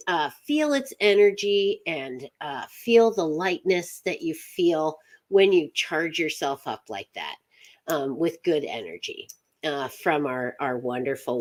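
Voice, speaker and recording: A woman from upstate New York hosting a witchcraft chat show, talking in a rambling, chatty way with frequent laughter. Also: on the low side. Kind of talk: casual live chat.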